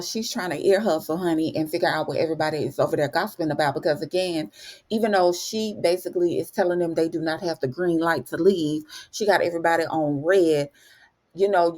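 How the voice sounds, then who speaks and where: A chatty woman with a lowish voice recaps a TV episode in a casual, slangy way. She keeps calling the listener honey and acts out each character's lines with lively, animated swings in tone. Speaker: TV recap host.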